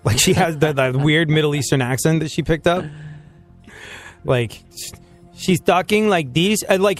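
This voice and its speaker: Sarcastic man riffing on the radio. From England and America, mainly England. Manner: sarcastic, riffing, swings between playful highs and dry low asides. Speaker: radio show host. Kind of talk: casual comedic talk-radio banter.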